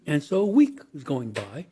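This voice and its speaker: A man's voice: fairly high pitch, wildly swooping pitch, a little slow, dark tone, a little hiss or hum. An older man, an actor as a guest, telling long rambling anecdotes in an interview and acting out the voices he quotes. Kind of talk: storytelling interview.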